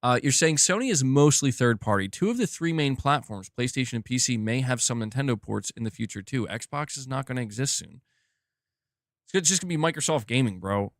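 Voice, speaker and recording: A man chatting casually on a live stream about gaming news, animated and slangy, laughing often and restarting his sentences. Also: mid-range voice, a little fast, dry recording, studio quality.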